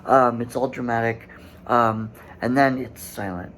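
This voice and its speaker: A man hosting a solo commentary podcast, speaking in a halting way with many fillers and restarts and growing indignant. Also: mid-range voice, steady tone, a bit bright, a little hiss or hum, rough recording. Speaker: podcast host.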